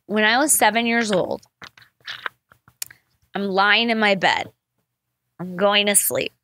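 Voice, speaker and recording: A woman hosting a podcast, telling stories in a casual, animated way, full of "like" fillers and swearing. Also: medium pitch, slow pace. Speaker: podcast host. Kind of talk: casual storytelling chat.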